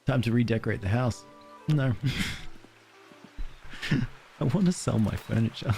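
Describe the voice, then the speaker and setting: A man's voice: mid-range voice, slow, creaky, long pauses, darkish tone, faint music behind. A young Australian man with an Australian accent, chatting casually on a game live stream, laughing often and thanking viewers.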